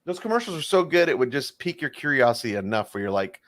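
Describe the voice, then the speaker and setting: A man co-hosting a morning comedy talk show, joking loosely and now and then jumping into a high, quick impression voice. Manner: lively, slips into a high, fast talk-show-host impression. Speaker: co-host. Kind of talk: casual comedy banter.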